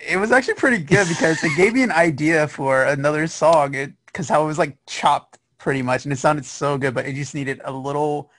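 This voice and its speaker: A young man appears as a musician guest on a casual podcast call, his voice a bit higher than most. He sounds easygoing and laughs often, with a dry, close sound. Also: brisk, few pauses, fairly bright tone, no echo.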